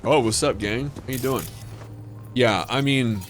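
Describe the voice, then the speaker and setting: Streamer dude rambling through a story, swears a lot, lots of uh and like, mid pitch, little music in the back. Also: male voice, a little slow. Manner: loose, profane, full of fillers and restarts. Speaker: livestream gamer host.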